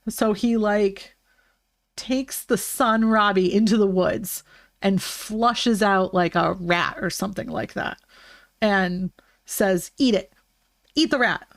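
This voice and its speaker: A woman's voice: mid-range voice, fairly even intonation, takes it slowly, gravelly, no echo, clean studio sound. Chatty rambling young woman streamer. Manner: rambling, chatty, full of fillers and restarts. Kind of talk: casual chat on a live stream.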